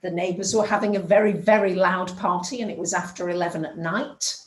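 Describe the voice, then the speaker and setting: A woman's voice: lowish voice, a little fast, echoey room, low-quality recording. A woman telling a story in a chatty way and acting out the dialogue in a casual astrology talk.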